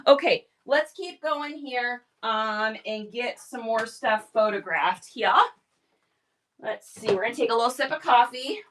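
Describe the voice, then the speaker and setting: Hosting a live reselling stream, a middle-aged woman chats casually with lots of energy and enthusiastic tangents. She speaks at a measured pace in a voice on the high side, with a fairly bright tone.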